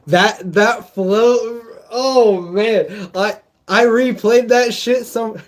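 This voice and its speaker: A man's voice: sits high, extremely slow. A young man in casual reaction commentary, talking loosely in slang and laughing often as he reviews a song. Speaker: music reviewer.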